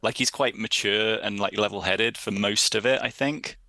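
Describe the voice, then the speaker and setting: A man with a low, gravelly voice chatting on a podcast, his tone bright and his sound dry and close. He often trips over the first words of a thought before getting going. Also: steady tone, no echo. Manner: halting, repeats words at the start. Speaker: podcast regular, merch expert. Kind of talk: casual podcast chat.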